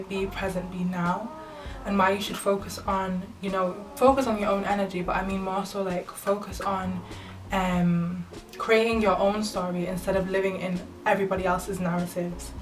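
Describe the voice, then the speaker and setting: A young woman, talking to camera about spirituality in an earnest, rambling way. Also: medium pitch. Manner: earnest, rambling, full of fillers. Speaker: spiritual vlogger. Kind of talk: casual spiritual talk to camera. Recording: echoey room, mic at a distance.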